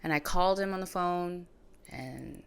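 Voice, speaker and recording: Woman, low deep voice, podcast host, reflective, conversational storytelling, softly trailing phrases. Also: normal speed, creaky, smooth.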